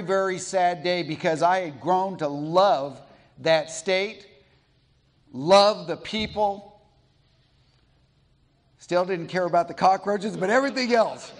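Slow-speaking high-voiced male preacher. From Colorado, USA. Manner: storytelling, slow and deliberate with pauses. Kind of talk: sermon. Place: church sanctuary.

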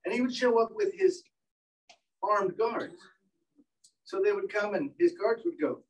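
A man teaching entomology to a training group, telling stories with animated, acted-out quotes. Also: sits high, moderate pace, far from the mic, dull audio. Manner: animated storyteller, acts out voices. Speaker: entomologist lecturer. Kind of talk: anecdotal training lecture. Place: indoor training room.

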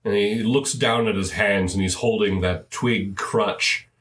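A man narrating as game master of a tabletop game, describing scenes in halting narration. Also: lowish voice, steady tone, a bit bright, roomy sound.

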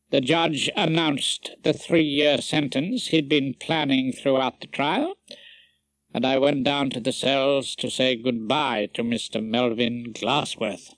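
A man reading a first-person audiobook narration in a wry, dry, expressive manner. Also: medium pitch, measured pace, dry recording, low-quality recording.

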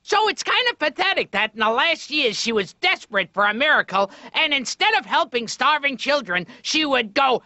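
Loud, shrill comedian man. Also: sing-song, moderate pace, hardly any pauses, no room sound. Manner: loud, abrupt, shouting bursts. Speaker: stand-up comedian. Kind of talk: stand-up comedy routine. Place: animated series soundtrack. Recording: dry, slightly dull TV audio.

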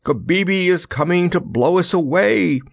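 A man voicing a brisk, commanding soldier in a storybook reading. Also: sits high, creaky, pitched above the performer's own voice. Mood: commanding urgent.

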